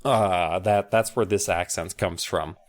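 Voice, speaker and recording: A man on a podcast, reading a horror book aloud with drama and then recapping it with jokes and loud shouted character lines. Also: sits low, a little slow. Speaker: podcast co-host.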